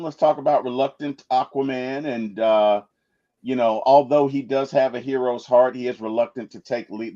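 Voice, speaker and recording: A man's voice: mid-range voice, dull audio. A man co-hosting a casual movie review chat, leading the talk with questions and plenty of fillers. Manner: animated, prompting questions, many fillers. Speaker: co-host of a movie review podcast.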